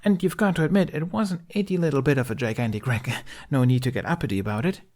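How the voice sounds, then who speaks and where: A man reading a story aloud, voicing an upbeat woman performer who talks in an excited rush. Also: medium pitch, voice pushed up, close to an everyday voice. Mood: chipper. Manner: upbeat, rushing, borderline frantic. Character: bubbly chipper woman performer. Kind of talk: audiobook character voice.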